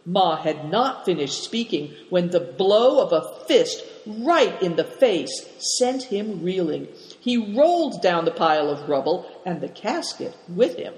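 A steady storybook narrator reading aloud at a moderate pitch. The voice rings through a roomy hall with a long reverb tail. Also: measured pace, few pauses.

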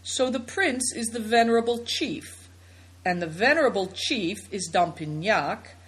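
A woman reading the part of a thoughtful young boy who speaks in a measured, firm way, in a storybook. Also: mid-range voice, expressive, breathy edge.

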